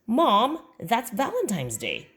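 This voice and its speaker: A woman's voice: fairly high pitch, huge pitch swings, slow pace, a bit bright, pitched above the performer's own voice, exaggerated voice. A woman voicing an earnest third-grade boy. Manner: eager, indignant outbursts. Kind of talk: children's book read aloud.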